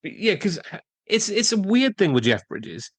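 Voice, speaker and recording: A man co-hosting a podcast, chatting casually about films, blunt and sweary, with quick interjections. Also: high-pitched, sing-song, husky. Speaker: podcast co-host. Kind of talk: casual film chat.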